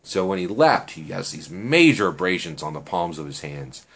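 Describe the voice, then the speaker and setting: A man's voice: low voice, sing-song, moderate pace, a bit bright, husky. A man telling a story casually, chatty and full of fillers and tag questions.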